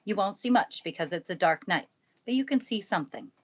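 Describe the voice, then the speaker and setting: A woman voicing a stern, brisk middle-aged housekeeper in a storybook reading, on a dull lo-fi recording. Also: mid-range voice, lively intonation, close to an everyday voice. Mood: matter-of-fact.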